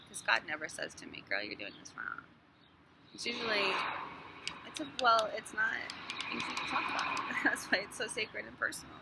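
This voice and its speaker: A woman talks openly to her camera in a casual vlog, her pitch swinging up and down as she speaks. She is frank and swears freely. Steady noise sits behind her voice. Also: gravelly. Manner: animated, swears, laughs between thoughts. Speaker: hairstylist vlogger. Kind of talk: casual phone monologue. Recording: noticeable background noise.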